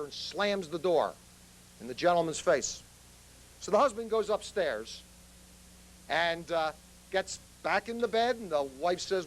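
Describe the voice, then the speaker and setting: A man's voice: high voice, expressive, unhurried, long pauses. An earnest man giving a public speech as a guest speaker, telling a story to make his point.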